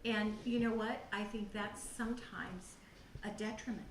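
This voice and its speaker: A middle-aged woman telling her personal testimony to a youth group, animated and acting out her own past reactions. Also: medium pitch, measured pace. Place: church youth room. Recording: echoey room, voice from far off the mic, faint noise.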